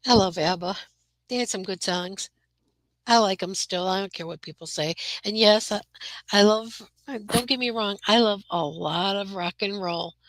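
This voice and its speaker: A woman's voice: medium pitch, normal speed, dry recording, rough recording. A woman hosting a casual live chat from her room, greeting viewers by name with a chatty, rambling manner. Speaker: livestream host.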